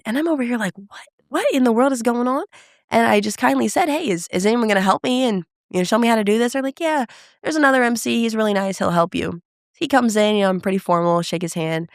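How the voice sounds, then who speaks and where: A woman telling her story as a podcast guest, with a slightly gravelly edge in her voice. She brings the quoted dialogue to life as she goes. The sound is dry and close. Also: mid-range voice, dry recording. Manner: animated storyteller who acts out quoted dialogue. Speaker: emcee and keynote speaker, guest.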